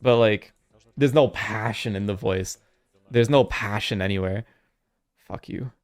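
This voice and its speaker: A man's voice: fairly low pitch, unhurried, faint music behind. A young man streaming from home, chatting casually and reacting to other streams, swearing freely and laughing often.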